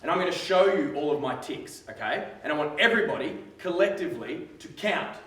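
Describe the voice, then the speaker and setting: An Australian man in his twenties speaks to a school audience, jokey and animated, stretching out words for effect. His slightly raised voice sits far from the mic, and it rings around a big echoey theatre with faint room noise behind. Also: on the high side. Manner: lively, joking, drawn-out emphasis. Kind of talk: live talk to students.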